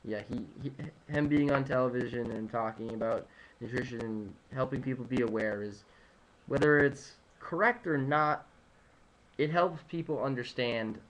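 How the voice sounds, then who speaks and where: In a rough recording with a little hiss or hum, a man of medium pitch talks at a moderate pace. The nutrition presenter rambles informally about food trends in a home room at sunrise, tossing out figures amid fillers, false starts and jokes.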